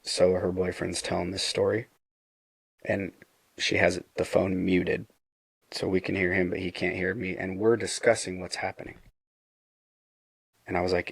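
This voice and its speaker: A deep, gravelly man's voice tells a story from his own life, earnest and unpolished, with frequent restarts. His tone is husky. The sound is dry and close. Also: little pitch movement, moderate pace, pauses often, no room sound. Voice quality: low gravelly voice. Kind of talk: casual storytelling.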